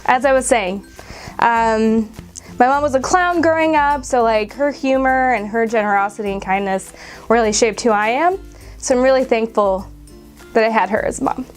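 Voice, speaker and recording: A woman's voice: on the high side, fairly quick, soft background music. A woman in her twenties talking casually to camera, emotional and close to tears, with laughs between her words. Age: 20s. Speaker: vlogger.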